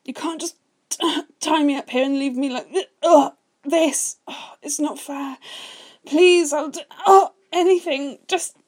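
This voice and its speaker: A woman's voice: sits high, a little slow, pitched above the performer's own voice. A woman voicing a desperate, tied-up young man who pleads in a breathless, whiny voice. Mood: pleading.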